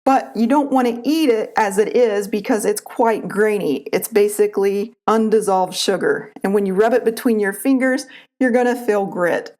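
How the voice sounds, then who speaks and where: A woman with an Appalachian accent, calmly explaining a recipe step by step as a cooking channel host. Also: medium pitch, moderate pace. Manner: calm, instructive, homespun. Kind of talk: recipe tutorial voice-over.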